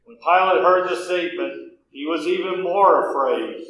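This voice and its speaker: A man narrating scripture in a steady, solemn, measured reading. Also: a little high, vocal fry. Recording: very echoey room, faint noise.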